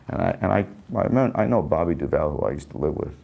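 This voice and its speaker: With a deep, warm voice and lively intonation, the older actor talks fairly quickly about a film from his past, leaving long pauses. There's vocal fry and a little hiss or hum, and he rambles, breaks off mid-thought and gives small chuckles.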